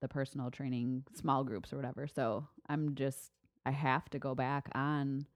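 A woman's voice: very deep voice, moderate pace, dry recording. A woman in her thirties co-hosting a podcast, rambling and correcting herself in casual chat. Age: 30s. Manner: rambling, self-correcting, animated. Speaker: podcast co-host. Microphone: studio mic.

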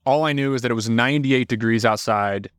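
A young adult man, a podcast guest, telling animated stories in casual talk, swearing freely and acting out quotes. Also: mid-range voice, brisk, smooth, no room sound, clean studio sound. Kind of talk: casual storytelling.

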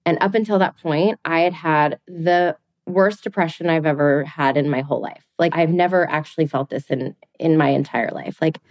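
Woman in her 30s talking straight, swears a lot, lowish voice, dead dry mic. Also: moderate pace, hardly any pauses, dry recording. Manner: blunt and open, swears freely. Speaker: podcast guest. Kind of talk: candid conversational storytelling.

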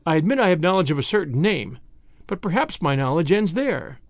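A man reading an audiobook, voicing a clever young woman who answers with sweet, poised, teasing calm. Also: fairly high pitch, a little fast, dry recording. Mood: sweetly poised. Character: clever, cheeky young woman, coolly bluffing.

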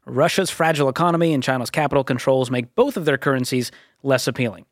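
A man's voice: mid-range voice, fast, no room sound, clean studio sound. A man co-hosting a money talk show, playful and plain-spoken in casual chat. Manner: playful, explains points plainly. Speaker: radio show co-host.

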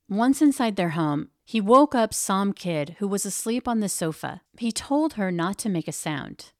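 A woman narrating a true-crime story in a steady, grave storytelling manner. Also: fairly low pitch, no echo, clean studio sound. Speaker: podcast narrator.

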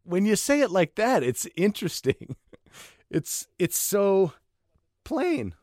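A man co-hosting a music podcast, expressive and quick to laugh, savoring his words. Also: high voice. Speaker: podcast co-host. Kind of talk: casual music podcast chat.

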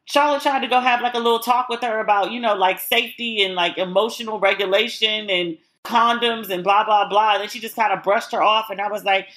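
A woman's voice: medium pitch, fairly even intonation, a little fast, hardly any pauses, fairly bright tone. A woman hosting a podcast in a casual solo chat, frank and opinionated as she talks. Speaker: podcast host.

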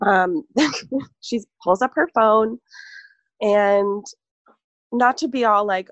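A woman in casual conversation, telling an animated story full of fillers and laughs. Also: medium pitch, normal speed, no echo, dull audio. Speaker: podcast co-host, former barista. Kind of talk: casual chat.

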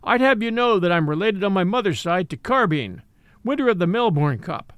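A man's voice: high voice, sing-song, brisk, a bit bright, clear, resonant tone, no echo. A man voicing a proud troop horse from a storybook, who talks in a haughty, dry way. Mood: angry. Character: proud Australian troop horse, touchy about breeding.

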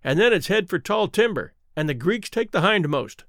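Brief: man doing a breezy, blunt sailor, lively pitch, dry close sound. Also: normal speed, no echo. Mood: cheerful. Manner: cheerful, matter-of-fact.

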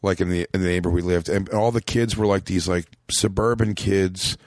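A rambling man trades stories in loose podcast chat and leans on "like" constantly. His voice sits low, and the sound is dry and close, with no room around it. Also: steady tone, brisk, no echo. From Philadelphia, USA. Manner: rambling storyteller, lots of "like" fillers. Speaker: comedian, podcast guest. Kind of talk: casual chat.

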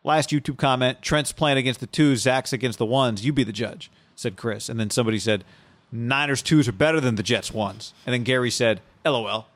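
A man's voice: mid-range voice, fairly quick, dry recording. A man co-hosting a casual sports podcast, reading viewer comments aloud and talking them over. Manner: reads viewer comments aloud in a flat run. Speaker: podcast co-host.

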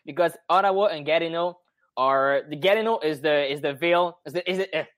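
A man's voice: on the high side, fairly quick, a bit bright. A man from Quebec with a Quebec French accent, a native French speaker, chatting on a podcast in a hesitant way with many fillers. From Quebec, Canada. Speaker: band member guest. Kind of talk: casual podcast chat.

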